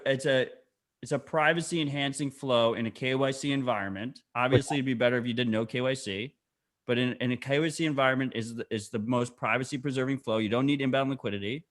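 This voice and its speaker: A man's voice: mid-range voice, brisk. A man co-hosting a podcast, explaining things bluntly and swearing in casual chat. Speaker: podcast co-host.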